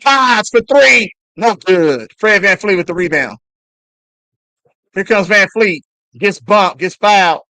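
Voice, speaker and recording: Animated, cussing fan play-by-play man. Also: high-pitched, slow pace, dry recording. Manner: excited, profane trash talk at players. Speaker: live stream commentator. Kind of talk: fan play-by-play watch-along.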